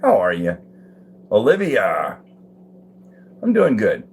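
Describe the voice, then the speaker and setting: Speaking slowly in a lowish, darkish voice whose pitch swoops wildly, an older man greets viewers by name and laughs easily during a casual home live stream. He chats through the comments indoors, and a little hiss or hum runs under the audio.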